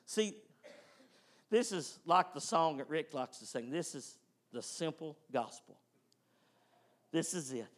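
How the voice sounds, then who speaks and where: A man preaching a fervent, emphatic sermon, swinging from loud whoops to hushed tones. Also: fairly high pitch, expressive, slow pace, pauses often. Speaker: pastor.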